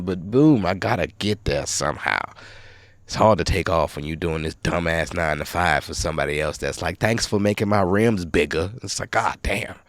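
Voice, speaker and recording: On his solo podcast, a man with a low, deep voice and vocal fry rambles through stories in a loose, profane, animated rant. The recording is dry and close, with no room sound behind it.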